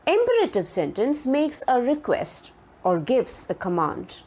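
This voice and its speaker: Slow, sing-song woman lecturer. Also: a little high, wildly swooping pitch, darkish tone, husky. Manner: slow, deliberate, checks in with students; sing-song rise on example sentences. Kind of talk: recorded grammar lecture.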